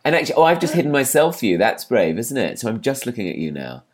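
A man's voice: mid-range voice, sing-song, quick pace. A man co-hosting a casual podcast over a video call, chatty and self-mocking, rambling with lots of fillers. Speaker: podcast co-host. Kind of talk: casual chat.

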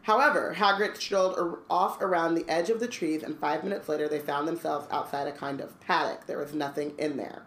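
Low-voiced woman reading aloud, roomy sound. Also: fairly even intonation. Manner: reads aloud with quick asides and laughs, filler ums. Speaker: podcast co-host reading aloud. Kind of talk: casual book read-along chat. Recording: roomy echo.

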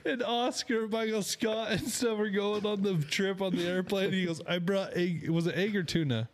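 A man hosting a casual podcast chat, animated and laughing often, with quick asides. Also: sits high. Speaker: podcast host.

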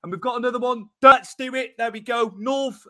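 A man's voice: very high voice, sharp tone. A man hosting a wrestling podcast, chatting casually and repeating phrases as he winds through stories. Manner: chatty, repeats himself, quick asides. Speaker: podcast host. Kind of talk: casual interview chat.

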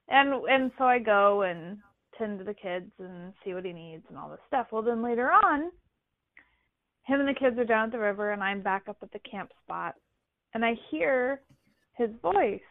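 A woman's voice: a little high, moderate pace. A woman calling in, telling a story in casual chat and acting out the voices she quotes. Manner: animated, acts out quoted voices. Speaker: caller. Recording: tinny phone line.

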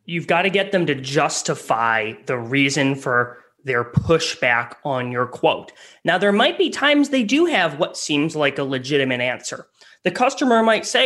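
A man co-hosting a sales advice podcast, lively and acting out customer and rep lines. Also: a little high, normal speed. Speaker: co-host.

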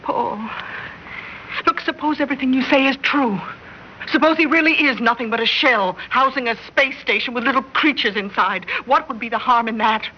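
Actress as a protective 1950s housewife, firm and soothing; dull old radio sound. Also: female voice, a little high, normal speed, slight background noise, close to an everyday voice. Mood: worried. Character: calm, firm middle-aged mother shielding her son. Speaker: mother and wife. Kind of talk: 1950s radio drama acting.

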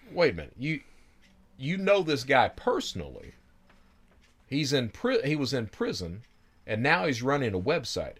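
A man hosting a podcast, telling his own story in an animated, profane, chuckling way. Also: medium pitch, moderate pace, long pauses, breathy edge. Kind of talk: casual storytelling.

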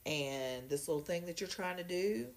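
A woman, a podcast guest, telling a story in a lively, casual way and acting out other people's voices. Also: on the low side, normal speed, a little hiss or hum. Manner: animated, acts out voices in her story.

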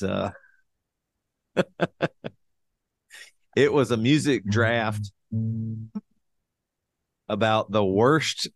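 A man's voice: fairly low pitch, no room sound. A man hosting a podcast, chatting casually with rambling, jokey asides. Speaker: podcast host and touring musician.

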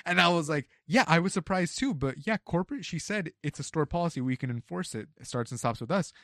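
A young man, a retail store worker, casually telling an animated work story, acting out quotes and swearing freely. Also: a little high, quick pace, no room sound, studio quality.

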